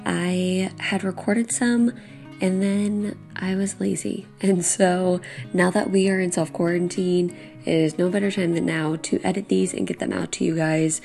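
A woman's voice: fairly low pitch, flat delivery, measured pace, vocal fry, a little mellow, soft background music. A young woman hosting a casual podcast, chatty, laughing often and saying "like" a lot. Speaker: podcast host.

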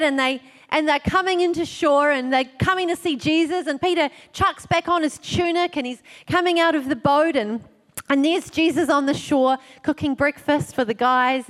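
A woman preacher retelling a scripture story in a sermon, animated, acting out quotes and dropping soft for emphasis. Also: high voice, moderate pace. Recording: long hall reverb.

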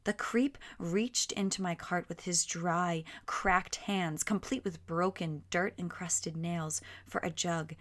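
A woman with a somewhat low voice narrating a first-person audiobook story. Her storytelling is steady and measured, turning quiet in the tense moments.

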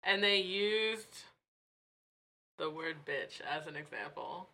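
Giggly rambling woman, bright tone. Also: fairly low pitch, takes it slowly. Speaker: podcast co-host. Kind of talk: casual chat.

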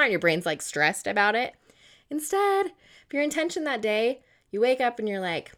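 A woman, a mother in her thirties, giving casual motivational talk to camera and acting out her own inner voice in a chatty, animated way. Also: mid-range voice, moderate pace. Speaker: mindset vlogger.

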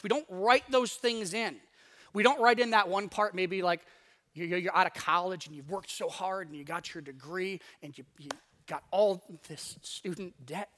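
High-voiced guy preaching, chatty, gets loud then real quiet. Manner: conversational, acts out inner voices; wide swings in loudness. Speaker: pastor. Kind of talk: sermon.

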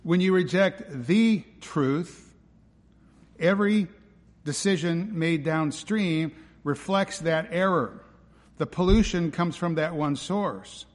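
A man's voice: on the high side, takes it slowly, in a large hall. A man preaching a sermon as pastor, emphatic and driving, often posing rhetorical questions.

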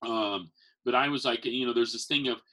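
Over poor audio, a man with a medium-pitched, slightly bright voice speaks at normal speed. He's a professional Santa and magician whose casual stories ramble, and he acts out the people he quotes.

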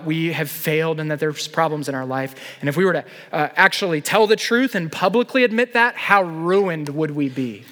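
A man preaching in a church, his voice a little high for a man. He swings from loud, fervent peaks to hushed, slowed-down lines. His words ring out with a long hall reverb. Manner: impassioned, building to loud peaks and dropping to soft, slow lines. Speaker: pastor. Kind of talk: sermon. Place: church sanctuary.

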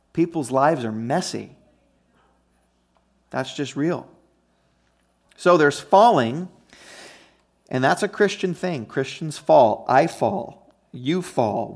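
Man, pastor, conversational sermon, emphatic, slightly high voice. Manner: emphatic, checks in with listeners.

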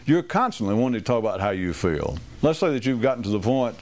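A man's voice: fairly low pitch, big pitch swings, fast, darkish tone. A man giving a rambling, wry talk to a small group, restarting sentences and acting out quoted voices.

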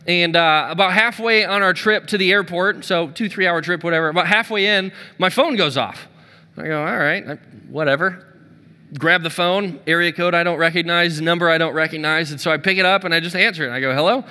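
A man on a church staff preaching a sermon, telling a story with lively energy and acting out the dialogue. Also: high-pitched, brisk, big-room sound. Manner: energetic, acts out dialogue in his stories.

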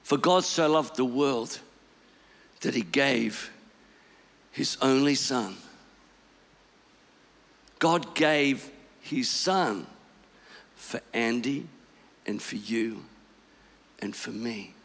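A man preaching a storytelling sermon, swinging between hushed lines and shouted ones. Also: mid-range voice, extremely slow, creaky, long pauses, big-room sound.

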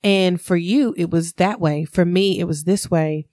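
A woman's voice: lowish voice, unhurried, no room sound, clean studio sound. Chatty woman telling a candid story. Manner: candid, animated storytelling with laughs. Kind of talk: casual chat.

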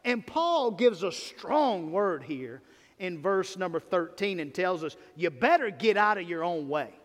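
Pastor, man, high tenor, emphatic sermon delivery, long hall reverb. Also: sing-song, unhurried. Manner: emphatic preaching, rising and falling in volume. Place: church sanctuary. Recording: long reverb of a church sanctuary.

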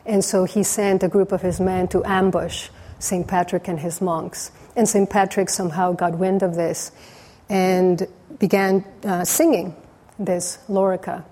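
A woman teacher gives a dharma talk with a mellow, warm voice. She tells stories in an easy, halting way, often restarting her phrases. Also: lowish voice, level tone. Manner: storytelling, hesitant with restarts.

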